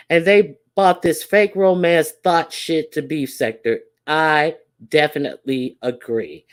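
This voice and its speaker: A woman hosting a live stream, giving sassy, incredulous commentary with frequent "uh" fillers while greeting viewers in the chat. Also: fairly low pitch.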